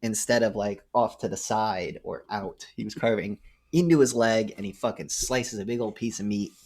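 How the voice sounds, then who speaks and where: A man co-hosting a podcast, casually retelling a film's plot with animated acted-out quotes. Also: on the low side, normal speed. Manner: animated storytelling, acts out quotes. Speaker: podcast co-host. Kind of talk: casual movie recap chat.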